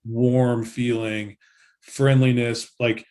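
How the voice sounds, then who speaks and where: A man's voice: mid-range voice, slow pace. Easygoing man rambling as a guest. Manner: relaxed, rambling, full of "like". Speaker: interview guest. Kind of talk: casual interview chat.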